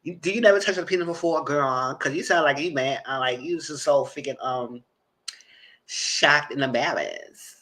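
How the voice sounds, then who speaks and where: A man giving a live commentary on a reality dating show, retelling scenes and talking back to the people in them in a sassy, animated way. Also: moderate pace. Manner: jumps to high squeals and laughing bursts.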